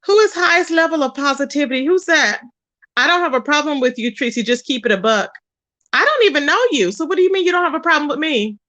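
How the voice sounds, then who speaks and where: A woman hosting a casual livestream, telling stories in an animated, expressive way with loud exclamations. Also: high-pitched, quick pace. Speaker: livestream host.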